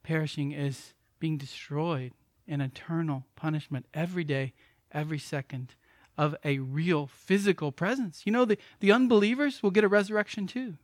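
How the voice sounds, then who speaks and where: A man preaching a sermon as pastor, emphatic and pleading, swinging from loud exclamations to hushed lines. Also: fairly high pitch, steady tone, normal speed, dry recording, clean studio sound.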